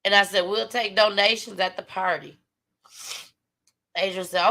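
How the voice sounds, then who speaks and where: A woman's voice: medium pitch, steady tone, unhurried, sharp tone. A woman hosting a livestream, talking heartfelt and tired to her viewers, sometimes dropping to a whisper. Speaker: livestream host. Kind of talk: emotional livestream talk.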